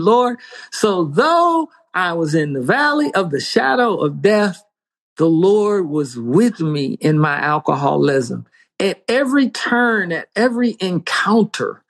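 A man giving a spoken faith testimony, emphatic, with big pitch swings and dramatic pauses. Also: fairly bright tone. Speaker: guest sharing testimony.

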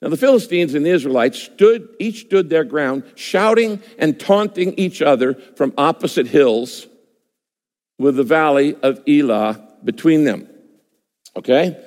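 Emphatic pastor preaching in a reverberant hall. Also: male voice, fairly high pitch, animated, unhurried, a little mellow. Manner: emphatic, repeats key phrases for effect. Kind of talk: sermon.

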